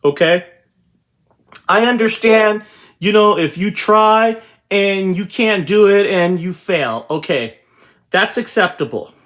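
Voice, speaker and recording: Speaking slowly, a man with a high-pitched, animated, fairly bright voice delivers a motivational talk on his real estate channel. He speaks straight to his viewers, hammering home the same points again and again.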